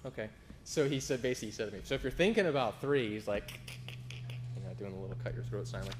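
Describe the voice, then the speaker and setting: Guy pastor preaching, goes up loud on the verses then low n chatty, faint rumble behind. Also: fast. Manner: emphatic preaching, rising for scripture, dropping low for anecdotes. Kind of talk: sermon.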